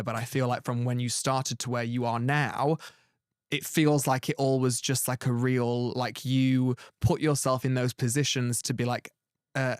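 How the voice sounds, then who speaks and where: A man with a mid-range voice gives a tarot reading in clean studio sound with no echo. He rambles earnestly and reassuringly, filling his talk with "like" and frequent restarts.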